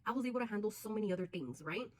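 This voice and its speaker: A woman's voice: mid-range voice, expressive, racing, darkish tone, poor audio. A woman vlogger telling a personal story straight to her viewers, earnest and open, often turning to them with "you guys".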